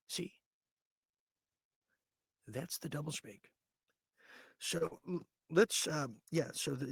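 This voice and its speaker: A man hosts a late-night podcast in a ranting, sarcastic monologue, stumbling through fillers and restarts. His voice is gravelly and husky. The sound is dry and close. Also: a little high, lively intonation, slow, long pauses, dry recording. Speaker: podcast host.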